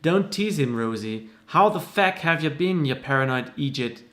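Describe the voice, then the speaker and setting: A man's voice: medium pitch, measured pace, creaky, a bit bright, echoey room. A man reading aloud the lines of a blunt, crude, teasing islander from a screenplay, in close to his own voice.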